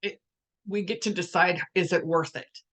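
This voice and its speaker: A middle-aged woman hosting a live spiritual talk, speaking in a reflective, musing way with many restarts and pauses, and now and then putting on the voices of family members. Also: on the low side. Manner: quotes family conversations in lively voices. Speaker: spiritual empath host.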